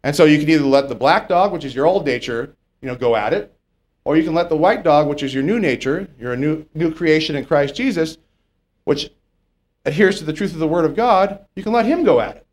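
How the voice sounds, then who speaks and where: A man preaching a sermon in a conversational way, often checking in with his listeners and swinging between loud and soft. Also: a little high, expressive, a little fast.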